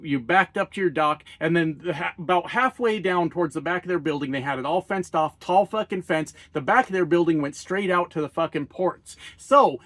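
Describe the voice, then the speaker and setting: A man's voice: a little high, dry recording. Blunt, profane man ranting. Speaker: political vlogger, former truck driver. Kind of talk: profane political rant to camera. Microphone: phone.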